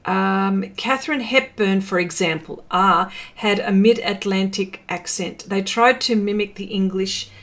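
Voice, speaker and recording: A woman's voice: mid-range voice, a little slow, few pauses, fairly bright tone. An Australian woman hosting a live art stream, chatting casually and reading out viewer comments, with many fillers and small laughs.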